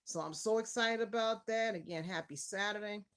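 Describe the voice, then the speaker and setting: A woman hosting a casual live stream interview from home. She is effusive and warm toward her regulars, calling out viewers by name as she waits to begin. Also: medium pitch, moderate pace.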